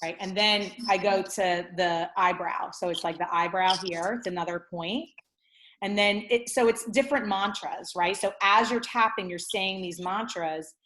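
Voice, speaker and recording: A woman's voice: mid-range voice, normal speed, a bit bright. A woman guest explaining something in casual chat, tagging her sentences with "like" and "right?", heard over a video call. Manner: chatty, many "like" and "right?" tags. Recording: roomy video call audio.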